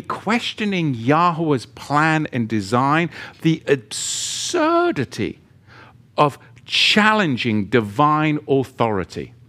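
A man with a slightly high, fairly bright voice teaches through a Bible chapter verse by verse in a conversational style. He throws in joking asides and reads scripture with emphasis.

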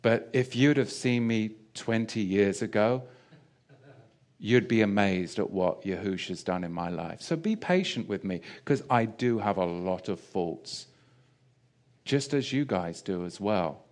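A man's voice: lowish voice, animated, unhurried, a little mellow. Chatty man preaching. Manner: chatty, self-deprecating, jokey asides. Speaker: pastor. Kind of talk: sermon.

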